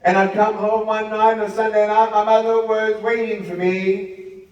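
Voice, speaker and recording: High-voiced man telling funny stories on stage. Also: moderate pace, highs cut off. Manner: humorous, animated storytelling with acted dialogue. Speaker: motivational speaker. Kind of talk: storytelling stage talk. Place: large event stage. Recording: echoey hall from far off, crowd. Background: audience laughter.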